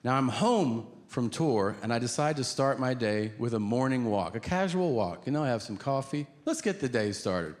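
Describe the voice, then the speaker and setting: A male stand-up comedian telling a story on stage, conversational and rambling, with deadpan asides. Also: medium pitch, moderate pace, hardly any pauses. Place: on stage at a live venue. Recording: reverberant venue with noisy ambience.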